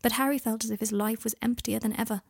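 Gravelly woman reading fan fiction. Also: a little high, fairly even intonation, fast. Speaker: narrator.

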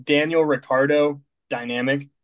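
A young man with a notably high voice co-hosts a casual podcast. He is easygoing and jokey, and he often laughs at his own lines. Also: steady tone, moderate pace. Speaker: podcast co-host. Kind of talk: casual chat.

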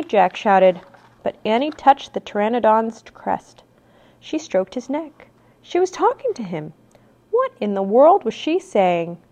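A woman, a mother, reading a children's chapter book aloud in an expressive, animated way. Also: mid-range voice. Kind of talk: storybook read-aloud.

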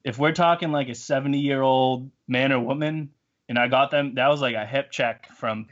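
A man's voice: mid-range voice, fairly even intonation, moderate pace, dull audio. A man, telling a story in a rambling, self-mocking way on a podcast. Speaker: podcast co-host. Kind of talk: casual storytelling.

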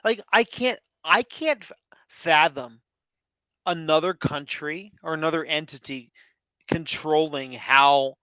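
Blunt, animated co-host. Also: mid-range voice, takes it slowly, dry recording. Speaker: podcast co-host. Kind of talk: casual live audio chat. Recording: dry, dull lo-fi online audio.

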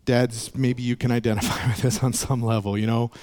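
A man's voice: medium pitch, little pitch movement, a little fast, a little mellow. A male pastor preaching a sermon, telling stories in an earnest way and acting out the voices in them. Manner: storytelling with acted voices, earnest.

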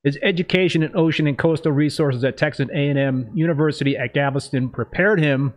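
A man's voice: a little high, a little fast. A man hosting a live-streamed hobby interview show, upbeat, reading a scripted introduction and then chatting loosely with his guest. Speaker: host of a live-streamed reef-keeping show.

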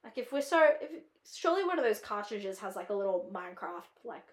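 A little fast and sing-song, the mid-range voice of an Australian woman fills an echoey room as she hosts a casual film-review podcast. She rambles, uses "like" heavily, and drifts off on tangents.

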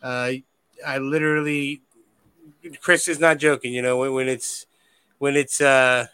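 A man's voice: medium pitch, level tone, unhurried, pushed and bright, clear, resonant tone, no echo. A man hosting a podcast, chatting casually and affectionately, with frequent swearing and restarts. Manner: affectionate, rambling, profane. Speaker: podcast host. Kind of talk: casual chat.

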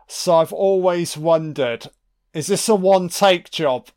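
Slow-talking, swearing film fan. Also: male voice, high voice. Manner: profane, excitable reactions. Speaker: film commentator. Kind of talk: casual watch-along commentary.

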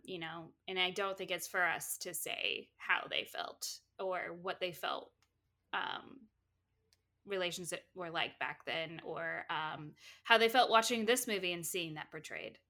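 Bright-voiced woman podcast co-host. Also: on the low side. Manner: giggly, animated when excited. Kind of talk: casual chat.

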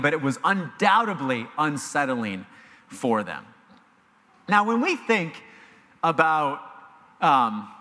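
A man delivers a sermon from the pulpit in an animated, emphatic way. His voice sits a little high and bright, rising and falling widely. The church sanctuary leaves a long reverb trailing behind him. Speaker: pastor. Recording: long reverb of a large hall.

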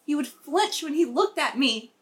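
A young woman with a notably high voice tells a story full of cursing and vivid detail. She talks casually, like a podcast co-host among friends, and she is blunt and animated throughout. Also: moderate pace. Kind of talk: casual chat.

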